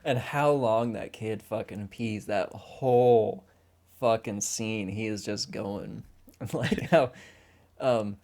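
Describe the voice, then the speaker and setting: A man's voice: fairly low pitch, takes it slowly, a little mellow. A man co-hosting a film podcast in casual chat, laughing a lot, swearing freely and acting out scenes. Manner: laughing often, swearing, acting out movie lines. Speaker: podcast co-host.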